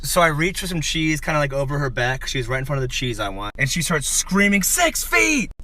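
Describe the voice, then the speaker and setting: A man telling a funny story in a comic, animated way, acting out the lines he quotes. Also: mid-range voice, fast talker. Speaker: comedian. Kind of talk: comedic storytelling.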